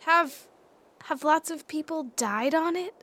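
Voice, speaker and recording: A woman voicing a curious, excitable young girl who is full of questions. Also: high voice, a little slow.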